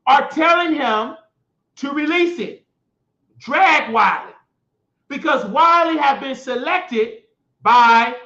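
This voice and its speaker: A man from the United States hosting his own show, giving an impassioned, rambling political monologue. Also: extremely high pitch. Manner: heated, shouting at times, rambling with restarts. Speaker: show host. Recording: echoey room, dull lo-fi sound.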